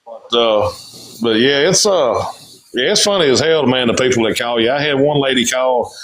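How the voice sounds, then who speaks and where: A man with a Louisiana drawl hosts a laid-back podcast, spinning animated stories. His voice sits in an ordinary middle register, and he throws in little voices for the people he quotes. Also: mid-range voice, normal speed, slight background noise, poor audio. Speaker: podcast host. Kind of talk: casual storytelling chat.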